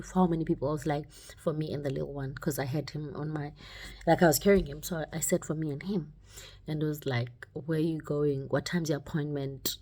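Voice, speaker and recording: Low-voiced woman telling a story. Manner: animated, acts out the dialogue, many "like"s. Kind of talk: casual storytelling.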